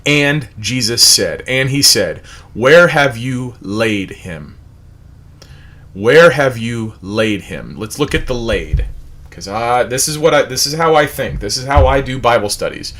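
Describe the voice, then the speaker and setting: An American man hosting a livestreamed Bible study reads word definitions aloud and poses rhetorical questions repeatedly, in an animated manner. He has a mid-range voice and talks at a moderate pace.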